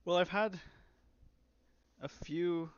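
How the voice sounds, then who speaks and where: A man's voice: high voice, fairly even intonation, slow, smooth, dry recording. A young man who develops games, chatting casually on a live stream, rambling and reading chat aloud. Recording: slightly dull, lo-fi stream audio.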